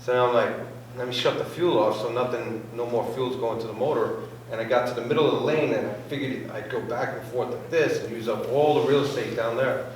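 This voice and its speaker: At a club meeting, a man shares a casual racing anecdote in a brisk, medium-pitched voice, acting out quotes and sound effects along the way. He's far from the mic in a very echoey room, with faint noise.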